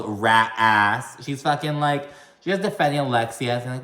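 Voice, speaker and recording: A man's voice: mid-range voice, moderate pace, a bit bright. Man doing a casual reality-show recap, swearing and sassy, recorded in a roomy, echoey space. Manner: profane, sassy, exasperated. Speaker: recap commentator.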